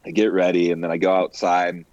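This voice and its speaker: Low-voiced man telling profane stories. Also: fast, no room sound. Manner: profane storytelling, animated quoted asides. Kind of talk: casual chat. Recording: dull lo-fi sound, dry.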